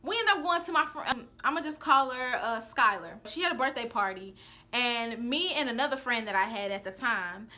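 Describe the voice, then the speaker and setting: Sassy high-voiced young woman. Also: moderate pace. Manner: sassy, animated, acts out the quoted lines. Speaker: vlogger telling a personal story. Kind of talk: casual storytime chat.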